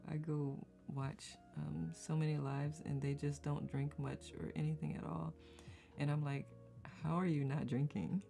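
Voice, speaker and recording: A woman hosts a casual live-stream community circle, chatting, reading viewer comments aloud, and laughing often as she rambles. Her voice is deep, creaky, and mellow.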